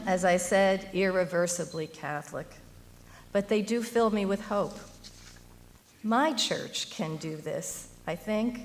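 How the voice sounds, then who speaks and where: A middle-aged woman with a mid-range voice reads a prepared speech at a university event, taking her time. She sounds earnest and rhetorical, building toward emphatic appeals.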